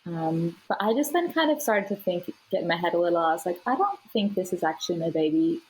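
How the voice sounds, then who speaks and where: A woman's voice: on the low side, big pitch swings, fast talker, darkish tone, a little hiss or hum, poor audio. A woman guest on a podcast, telling her birth story in a casual, chatty way with plenty of fillers and laughs.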